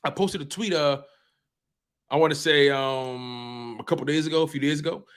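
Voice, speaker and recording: A man's voice: on the high side, moderate pace, smooth. A man hosting a fan sports talk show, speaking passionately and emphatically and repeating phrases for effect. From US East Coast.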